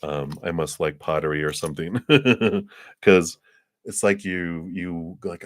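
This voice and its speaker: A man's voice: low voice, a little slow, no room sound, studio quality. A man giving a live tarot card reading in a casual, chatty way, laughing often and acting out little scenes. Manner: acts out little scenes in quoted voices.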